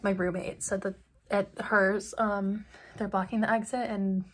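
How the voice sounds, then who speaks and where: A woman's voice: medium pitch, little pitch movement, unhurried, slight background noise. Young woman vlogger, mid-range voice, chatty and rambling, phone-camera sound. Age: young adult. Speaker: study-abroad student vlogger. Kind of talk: casual vlog chat.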